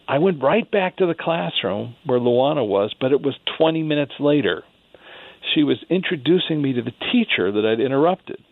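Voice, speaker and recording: A gravelly-voiced man tells stories as a radio guest, acting out what others said and laughing often. His voice comes over a tinny phone line. The sound is dry and close. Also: medium pitch, moderate pace, no room sound. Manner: animated, acts out quoted speech, laughs often. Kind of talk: storytelling in a radio interview.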